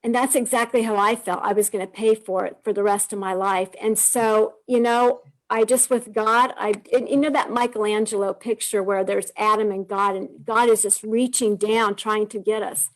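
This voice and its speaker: A woman's voice: medium pitch, fairly even intonation, moderate pace, hardly any pauses. A woman in her forties giving an earnest, heartfelt personal testimony on a video call, telling her story with frequent restarts. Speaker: guest sharing her testimony. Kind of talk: emotional personal testimony on a live stream.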